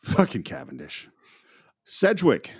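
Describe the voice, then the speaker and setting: A man's voice: low voice, slow, breathy edge, no echo, studio quality. A man co-hosting a podcast, retelling a film's plot casually, with swearing and laughter. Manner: animated, profane retelling with laughs. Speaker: podcast co-host. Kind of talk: casual film discussion.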